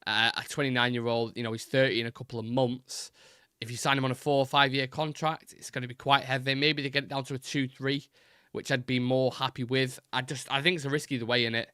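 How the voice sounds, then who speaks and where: A man's voice: mid-range voice, fairly bright tone, clear, resonant tone, no echo, studio quality. A young man hosting a live fan show, chatting loosely with fillers and restarts, his voice fraying a little. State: voice keeps going. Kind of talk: casual live-stream chat.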